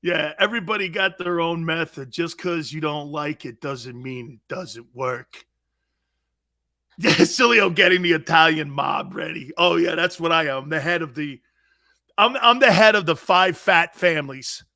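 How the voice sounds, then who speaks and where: A man hosting a sports talk show, ranting loudly with frequent laughter, shouts and mocking asides. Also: a little high, measured pace, creaky. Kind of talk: energetic sports talk rant.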